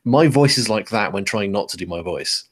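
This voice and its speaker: A man's voice: lowish voice, lively intonation, normal speed, breathy edge. A man in casual podcast chat, easygoing and self-deprecating.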